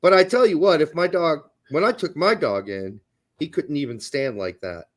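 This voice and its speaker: A man's voice: on the high side, animated, normal speed. A man co-hosting a podcast in casual chat, with wry, teasing banter. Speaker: podcast co-host.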